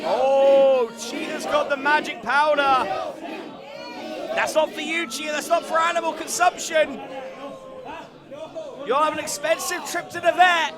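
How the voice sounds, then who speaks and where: A man calling a wrestling match live, excitable and joking, often shouting over the action. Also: very high-pitched, measured pace, pauses often. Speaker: wrestling commentator. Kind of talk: live play-by-play commentary. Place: indoor wrestling venue. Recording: loud live crowd and arena noise.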